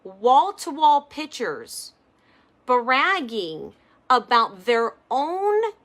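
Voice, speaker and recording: A woman's voice: high voice, fairly bright tone. A woman ranting to camera in an angry commentary video, cursing and hammering the same phrases over and over. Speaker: commentary YouTuber.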